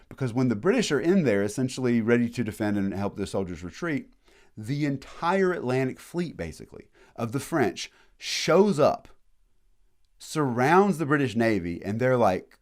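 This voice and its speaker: A man giving a casual, animated history lecture, full of slang and quick acted-out asides. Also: medium pitch.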